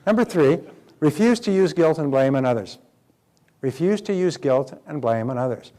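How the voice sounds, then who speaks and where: A man's voice: fairly high pitch, lively intonation, normal speed, warm tone. An older man giving a motivational seminar talk, emphatic and repeating key phrases, acting out quoted dialogue as he goes. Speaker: motivational speaker.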